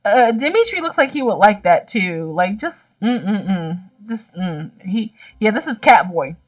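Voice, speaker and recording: Young woman gamer, narrating a visual novel and riffing in slang; soft background music. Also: mid-range voice, unhurried, few pauses, distant mic. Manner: animated, slangy reactions and exclamations. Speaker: gaming YouTuber. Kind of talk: reading a visual novel aloud with commentary.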